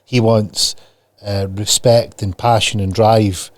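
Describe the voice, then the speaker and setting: Low-voiced podcast host asking questions. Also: male voice, level tone, slow pace. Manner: brief prompting questions. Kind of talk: casual interview questions.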